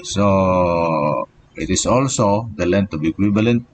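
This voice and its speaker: A deep-voiced man teaches an engineering class live, in no hurry. He talks in halting steps and keeps saying "okay" and "so". A faint hiss sits under his voice. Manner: slow, halting explanation with many "okay" and "so" fillers. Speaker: engineering professor. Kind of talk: live online lecture.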